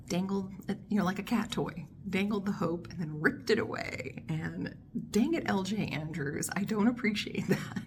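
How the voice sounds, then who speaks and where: A woman's voice: fairly low pitch, slow, pauses often, noisy background. A woman hosting her own book vlog, chatting casually and expressively as she gushes about her reading. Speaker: book vlogger host.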